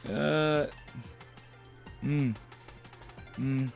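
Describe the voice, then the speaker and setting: A gravelly, medium-pitched man plays a demon on a casual stream, reading aloud and cracking rambling, playful jokes riddled with fillers and restarts, over faint background music.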